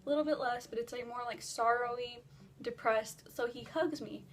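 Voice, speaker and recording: A teenage girl vlogger telling a dream story in casual, rambling chat, filler-heavy and animated. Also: fairly high pitch, moderate pace, slight background noise. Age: teens. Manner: breathless and animated while retelling a dream.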